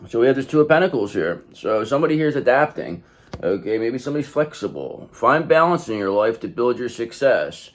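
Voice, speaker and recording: Animated, rambling male tarot host. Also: mid-range voice, a little fast. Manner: rambling, repetitive and effusive. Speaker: tarot reader and channel host. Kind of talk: casual tarot reading.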